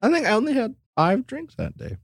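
A man co-hosting a casual podcast, giggly and quick to laugh. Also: very high voice, sing-song, creaky, breathy edge. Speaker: podcast co-host. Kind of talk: casual chat.

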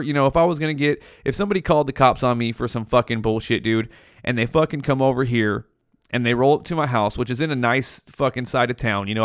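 Man, mid pitch, hosting his show solo; loose, profane, slangy rambling into a dry close mic. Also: fairly bright tone, clear, resonant tone, no room sound. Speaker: podcast host. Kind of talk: rambling casual monologue.

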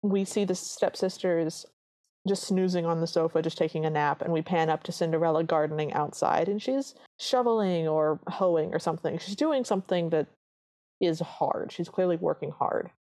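A woman with a fairly low voice chats on a podcast, walking through scenes of a film. She is easygoing and talkative. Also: moderate pace, dark tone. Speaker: podcast co-host. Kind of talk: casual chat recapping a film.

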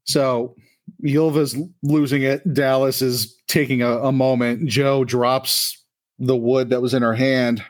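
Brief: easygoing game master, slow, mid-pitched narration. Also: male voice. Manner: relaxed, profane storytelling.

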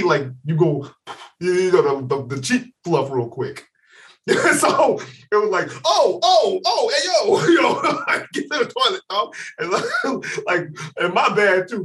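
Podcast co-host, male, high and very lively pitch, lots of laughter and shouted quotes, sounds a bit off-mic. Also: distant mic. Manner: animated, laughing, acts out quotes loudly. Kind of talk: casual storytelling chat.

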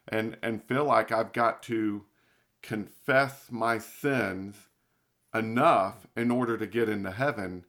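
A man's voice: mid-range voice, measured pace, a bit bright. A man explaining forgiveness in an earnest, pastoral way during a casual chat.

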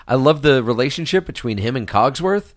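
A man's voice: medium pitch, lively intonation, brisk, dry recording, studio quality. A man co-hosting a podcast, chatting casually and enthusiastically about a movie, laughing often and swearing now and then. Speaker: podcast co-host. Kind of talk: casual movie review chat.

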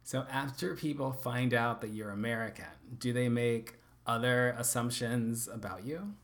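A man's voice: mid-range voice, normal speed. A man interviewing a guest casually, curious and probing, laughing easily.

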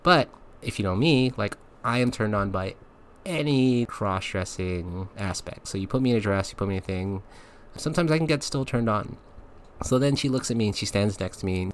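Man, podcast host, casual storytelling, low voice, acts out quotes, faint background noise. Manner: chatty, laughs often, acts out quotes.

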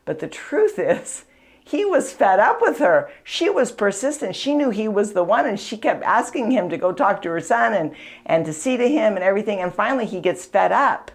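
A woman's voice: medium pitch, very animated, normal speed. A woman hosting a faith podcast, telling a saint's story in an earnest, chatty way with frequent asides. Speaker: podcast host, author and speaker. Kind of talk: conversational storytelling teaching.

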